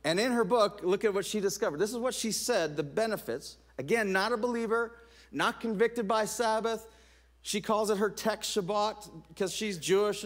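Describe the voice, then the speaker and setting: A middle-aged man preaching a sermon, telling stories in an animated way, with laughs and restarts. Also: high-pitched. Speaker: pastor.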